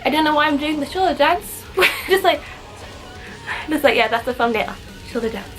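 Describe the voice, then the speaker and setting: Bright giggly young woman. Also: high-pitched, animated, normal speed, faint music behind, poor audio. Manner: giggly, rambling, full of "like". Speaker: vlogger. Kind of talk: casual storytime vlog.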